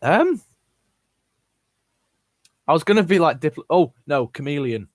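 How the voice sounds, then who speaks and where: A man's voice: on the high side, big pitch swings, measured pace, dry recording. A young man reading out viewer questions and giving blunt, sweary verdicts in a casual Q&A. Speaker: YouTuber answering viewer questions.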